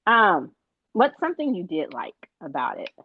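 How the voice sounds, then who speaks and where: A woman's voice: lowish voice, big pitch swings, normal speed, husky, narrow, tinny audio. A woman co-hosting a casual movie podcast, talking things over and asking her co-host questions. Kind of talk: casual movie review chat.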